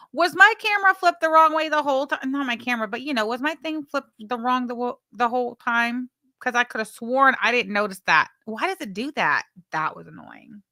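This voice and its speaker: A woman's voice: medium pitch, bright, forceful tone, no room sound, studio quality. A woman hosting a livestream, bluntly chatting, swearing and thanking viewers for super chats. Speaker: livestream host. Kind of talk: casual livestream commentary.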